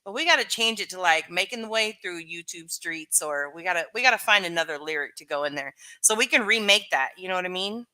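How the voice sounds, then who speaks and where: A woman's voice: lowish voice, lively intonation, brisk, few pauses, bright, forceful tone. A woman live streamer chatting casually with her viewers, rambling and full of fillers.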